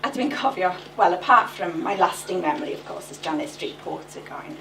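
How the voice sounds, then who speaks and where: A middle-aged woman from Wales, giving an animated bilingual talk at a conference and switching between Welsh and English. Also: fairly low pitch, a little fast, few pauses, slight background noise. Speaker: conference speaker. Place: conference hall. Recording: echoey hall, speaker far from mic.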